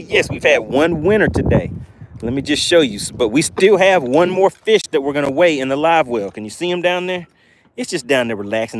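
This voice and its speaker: A man hosting a live fishing stream, exclaiming excitedly as he shows off his catch. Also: mid-range voice, normal speed, a little hiss or hum. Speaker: fishing livestream host.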